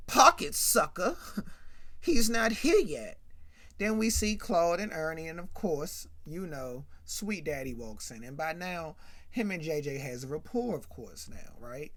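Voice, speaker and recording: A man hosting a casual rant about an old sitcom, chatty and full of fillers. His voice is bright and sharp. It rises and falls a lot as he tells the story. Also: fairly high pitch, normal speed. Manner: animated, chatty, many "you know" and "right?" fillers. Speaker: commentary host.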